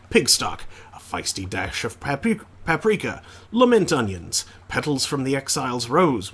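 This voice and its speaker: A man's voice: mid-range voice, bright, forceful tone, breathy edge. A man voicing an eager, bandaged male ship's chef, reading his lines from a game with earnest grandeur. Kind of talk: game text read aloud.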